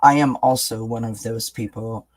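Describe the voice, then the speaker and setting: A woman co-hosting a casual live-stream chat, relaxed and agreeable, reading viewer comments aloud. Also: very deep voice, moderate pace, poor audio. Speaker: co-host.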